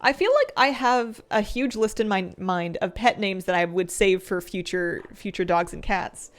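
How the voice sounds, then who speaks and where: A young woman streamer talks casually while she plays, rambling from one thought to the next. She laughs easily and often drops into soft, half-mumbled asides. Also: mid-range voice, lively intonation, moderate pace. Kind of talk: casual chat while gaming.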